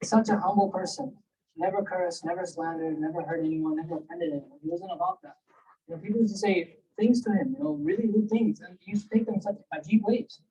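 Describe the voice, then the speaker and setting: A woman's voice: quick pace, muffled recording. A woman giving a storytelling religious lecture, acting out quoted voices and reciting Arabic verses. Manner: animated, acts out quoted voices. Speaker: religious teacher. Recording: distant, low-quality recording.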